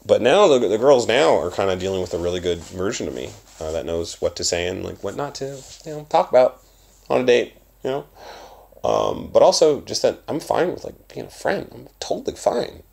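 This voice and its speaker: Man, young adult, Southern US accent, deep, gravelly, profane rambling solo podcast. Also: big pitch swings, brisk. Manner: profane, rambling, self-mocking, bursts of loud emphasis. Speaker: podcast host. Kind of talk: casual rambling monologue.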